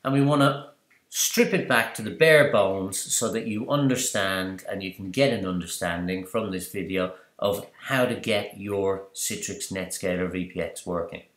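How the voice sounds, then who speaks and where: A man presenting a screen-recorded software tutorial, chatty and explanatory, asking and answering his own questions. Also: low voice, normal speed. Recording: roomy echo.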